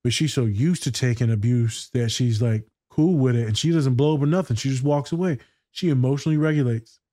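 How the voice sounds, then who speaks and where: A man's voice: mid-range voice, brisk, dark tone, dry recording, studio quality. Blunt, profane man talking casually. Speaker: therapist reacting to a TV scene. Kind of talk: casual reaction chat.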